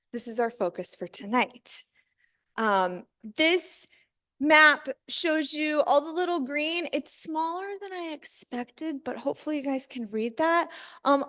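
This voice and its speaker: Woman in her thirties, fairly high voice, chatty and upbeat, casual presentation to an audience. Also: a bit bright. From Missouri. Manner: chatty, upbeat, laughs often. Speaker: author giving a talk.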